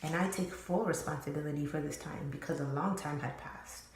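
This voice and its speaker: A young woman recounts a personal story in a candid, rambling way, heavy on fillers and casual swearing. Her voice sits a little low for a woman. The recording bounces around a very echoey room, with a faint hiss underneath. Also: fairly quick. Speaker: storytime vlogger.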